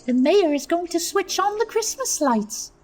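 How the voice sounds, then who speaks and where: A small, friendly girl speaks in a very high, light voice, as a man puts her on for a storybook. Her tone is gentle and gives gentle invitations. Faint music sits under her. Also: lively intonation, normal speed.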